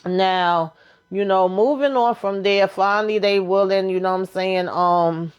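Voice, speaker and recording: This TV recap vlogger, a woman with a smooth, medium-pitched voice, goes a little slowly. Her retelling of the episode is chatty and loose, spun like a story, with her voicing what the characters say.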